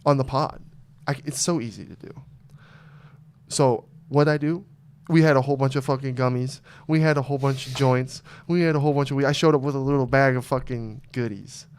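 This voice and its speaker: A man's voice: medium pitch, steady tone, a little fast, smooth. A man hosting a podcast, telling rambling stories in loose, profane casual chat. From Arizona. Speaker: podcast host.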